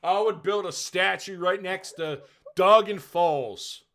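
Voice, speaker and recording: A man co-hosting a sports podcast, ranting loudly in casual profane chat. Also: high voice, a little slow, a crowd in the background. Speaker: podcast co-host.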